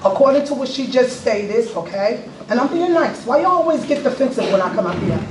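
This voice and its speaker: A woman's voice: fairly high pitch, expressive, a little fast, far from the mic, background noise. A woman community member assertively pressing a board with pointed questions at a public meeting. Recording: echoey room, picked up from afar.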